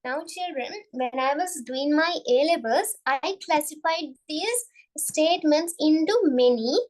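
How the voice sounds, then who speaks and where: High-voiced young woman tutoring biology. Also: a little slow, low-quality recording. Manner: repeats herself, restarts phrases. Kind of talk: exam revision lesson.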